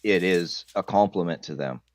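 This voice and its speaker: A man in a casual chat, chiming in with quick wisecracks. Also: sits low, no room sound, studio quality.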